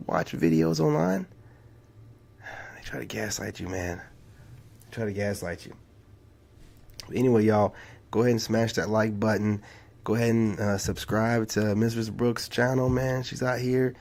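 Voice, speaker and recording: Gravelly man with casual, slangy commentary. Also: medium pitch, a little mellow. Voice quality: drawling, slangy, says "man" a lot. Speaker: YouTube reaction host.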